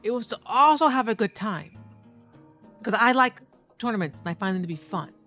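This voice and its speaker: A woman recounting a tournament over her match footage in a candid, profane, animated way. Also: a little high, fairly quick, faint music behind. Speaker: streamer and competitive fighting game player.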